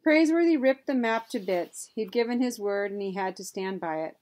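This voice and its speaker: A woman reads a children's adventure novel aloud as narrator. Her delivery is steady and expressive, at a middling pitch. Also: normal speed. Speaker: audiobook narrator. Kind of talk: storybook narration.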